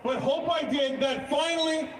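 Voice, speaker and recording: A man's voice: extremely high pitch, moderate pace, echoey room, far from the mic, low-quality recording. A man giving an earnest, emotional prepared speech, choked up and grateful. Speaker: speaker at a protest rally.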